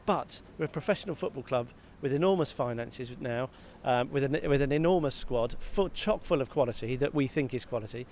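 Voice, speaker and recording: A man co-hosting a football podcast, talking in a lively, self-mocking way and often repeating words. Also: medium pitch, brisk, hardly any pauses. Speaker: podcast co-host. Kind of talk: casual football chat. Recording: faint background noise.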